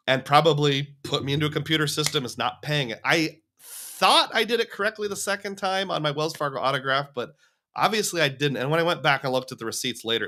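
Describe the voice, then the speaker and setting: Male stream host, rambling and chatty, bright tone, a bit high. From United States. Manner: rambling, chatty, reads viewer comments aloud. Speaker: livestream host. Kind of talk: casual livestream chat.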